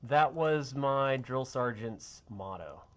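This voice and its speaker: A man's voice: mid-range voice, expressive, slow, dull audio. Chatty middle-aged TV weatherman. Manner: chatty, rambling, sentimental. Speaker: TV meteorologist. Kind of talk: casual on-air chat.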